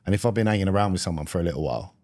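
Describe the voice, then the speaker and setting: A young man talks in a lowish voice, laid-back and full of slang. He spins everyday stories on a casual comedy podcast. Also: expressive, rapid-fire, darkish tone. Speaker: podcast host.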